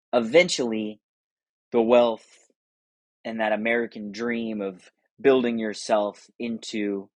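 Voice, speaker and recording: A young man hosting, giving casual and enthusiastic commentary on films, talking quickly and laughing often. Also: mid-range voice, no echo, poor audio. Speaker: podcast host.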